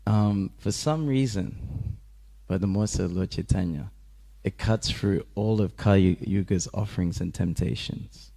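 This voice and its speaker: A man's voice: low-pitched, a little slow, gravelly. A man giving a casual scripture class in a temple, telling a story with lots of laughter and acted-out voices. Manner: animated storyteller, laughs often, acts out quoted voices.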